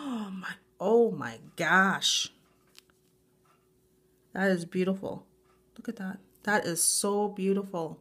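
A woman vlogging as she unboxes a grab bag of nail supplies, gushing with breathless exclamations and repeating herself. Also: on the low side. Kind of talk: unboxing a grab bag, excited casual chat.

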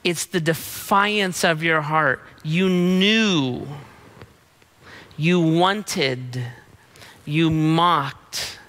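A middle-aged man, a pastor, preaching an emphatic sermon with rapid-fire repeated refrains. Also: on the high side, a bit bright.

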